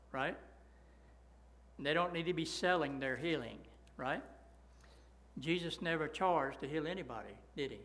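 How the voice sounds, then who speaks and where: Emphatic preacher man, bright voice. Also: fairly high pitch, low-quality recording. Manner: folksy, emphatic, keeps asking "right?". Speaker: pastor. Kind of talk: sermon.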